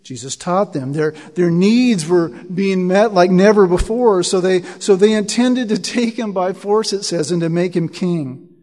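A man with a high voice preaches a sermon in an earnest tone, reading long scripture passages and stopping to explain them. He often repeats words as he restarts a phrase. The sound carries a long reverb, as in a large hall. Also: measured pace, a little mellow.

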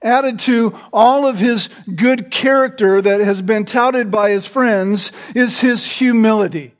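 A man's voice: sits high, slow. A man preaching an expository sermon, explaining verses word by word and often checking in with "right?" along with small restarts.

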